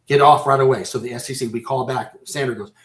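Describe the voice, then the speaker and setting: A man telling his own story as a radio guest, halting and repeating himself, close to breaking down. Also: mid-range voice, steady tone, a bit bright. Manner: halting, repeats and restarts phrases. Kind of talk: personal storytelling in a radio interview.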